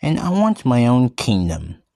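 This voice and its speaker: An earnest man delivers a slow, in-character monologue, his pitch swinging lively up and down. He stumbles and restarts words as he keeps calling out to everyone. The sound is dry and close, with no room around it. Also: no room sound. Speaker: vlogger describing himself as a wildcat.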